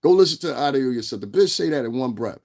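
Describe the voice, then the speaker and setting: Man in his 30s, profane fired-up rant host, mid pitch. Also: animated, fast, darkish tone. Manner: profane, fired-up, repeats himself. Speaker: commentary channel host. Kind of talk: ranting commentary.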